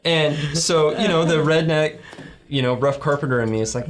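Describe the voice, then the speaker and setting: A middle-aged man, a guest on a church talk show, telling a heartfelt story with many restarts, lifting his voice when he quotes people. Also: moderate pace. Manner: rambling, heartfelt, acts out quoted lines in a higher voice.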